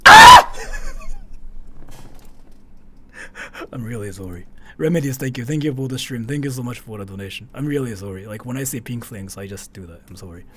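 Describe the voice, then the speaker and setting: A young Japanese man streams live, chatting casually in Japanese-accented English, reading donations aloud and using lots of filler words. His mid-range voice is fast and a little mellow, with slight background noise.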